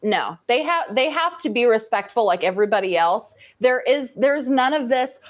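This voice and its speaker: A woman's voice: on the high side, lively intonation, normal speed, hardly any pauses. A woman giving casual reaction commentary, blunt and opinionated, swearing freely.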